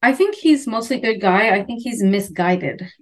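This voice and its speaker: Woman podcast cohost, casual book chat, acts out the lines, mid pitch. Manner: animated, acts out characters' lines in quick voices. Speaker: podcast co-host.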